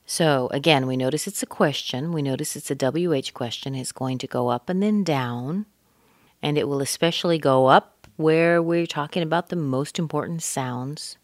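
A woman teaching English pronunciation, speaking deliberately and modeling words with exaggerated stress. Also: deep voice, dry recording, studio quality. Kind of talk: pronunciation lesson.

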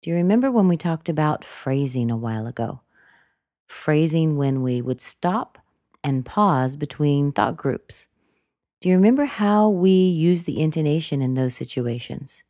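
A woman teaching a pronunciation lesson, speaking deliberately and demonstrating example sentences. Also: deep voice, expressive, dark tone, dry recording, clean studio sound. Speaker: accent coach.

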